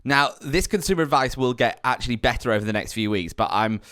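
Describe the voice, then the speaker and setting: Easygoing podcast co-host. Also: male voice, medium pitch, animated, quick pace, a bit bright, no echo, studio quality. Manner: chatty, easygoing banter. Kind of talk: casual chat.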